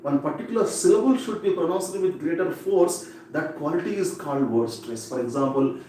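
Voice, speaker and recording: A man's voice: fairly high pitch, expressive, fairly quick, mellow. Man teaching exam English in an echoey room. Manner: repetitive, drilling words aloud. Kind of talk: exam-prep lecture. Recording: echoey room from far off with faint noise.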